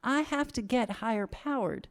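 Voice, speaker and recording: A woman's voice: a little high, expressive, normal speed. A middle-aged woman speaking candidly to an audience at a recovery conference, self-deprecating and building to emphatic repetition.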